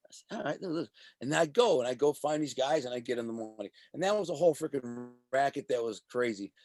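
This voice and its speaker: A man who was once a mob associate, telling his story in a casual interview. He talks in a profane, animated way and acts out the voices of the people in his stories. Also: medium pitch, fast talker, soft background music. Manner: animated, profane street talk.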